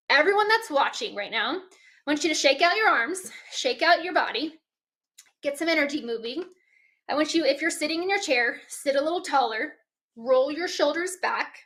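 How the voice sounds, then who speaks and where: A woman's voice: high-pitched, bright, forceful tone. A woman giving a motivational workshop talk, coaching listeners through breathing and self-talk exercises. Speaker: workshop presenter.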